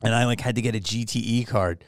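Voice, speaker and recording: A man's voice: mid-range voice, steady tone, fast talker, no echo, studio quality. A man from Philadelphia, a comedian, telling profane stories in a casual podcast chat. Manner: profane, storytelling. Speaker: comedian guest.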